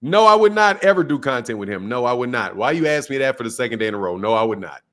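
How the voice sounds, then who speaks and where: A man's voice: mid-range voice, sing-song, quick pace, a bit bright. A man from the United States hosting a boxing channel, chatting casually on a live stream, boastful and joking, swearing freely.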